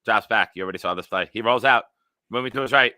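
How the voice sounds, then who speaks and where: A man's voice: fairly low pitch, sharp tone, dry recording. A man putting on an old-time 1920s radio announcer voice for punchy football play-by-play. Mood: excited. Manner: rapid, punchy announcer delivery.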